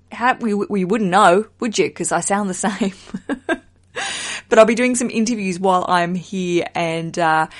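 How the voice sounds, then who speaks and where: A woman hosting her own podcast, chatting casually and joking at her own expense, in her thirties. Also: on the low side. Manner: chatty, jokey, self-mocking, swears casually. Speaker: podcast host. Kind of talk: casual solo podcast chat.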